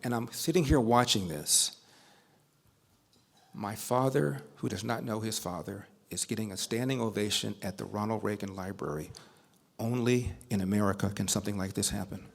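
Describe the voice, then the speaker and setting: A man's voice: on the low side, moderate pace, gravelly. An older man giving a storytelling speech at a banquet, building emphasis through repetition. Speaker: speaker at a banquet.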